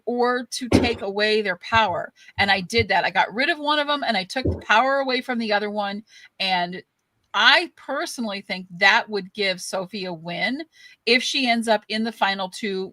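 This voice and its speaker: Woman, bright voice, higher pitch, dry close sound, opinionated chat. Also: no echo. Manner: opinionated, spells out reasoning. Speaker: co-host. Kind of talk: casual podcast chat.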